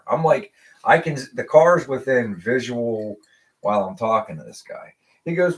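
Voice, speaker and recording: An American man hosting a casual live show, telling a story with animated asides and acted-out quotes. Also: medium pitch, normal speed. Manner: animated storyteller, acts out voices of people in his story. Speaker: podcast host.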